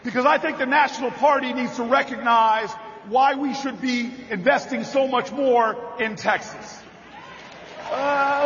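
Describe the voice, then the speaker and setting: A man giving a campaign speech at a party convention, telling stories and building to rousing shouted refrains. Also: very high voice, steady tone, moderate pace, a little hiss or hum. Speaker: political speaker at a party convention. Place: large convention hall. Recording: reverberant hall, muffled sound.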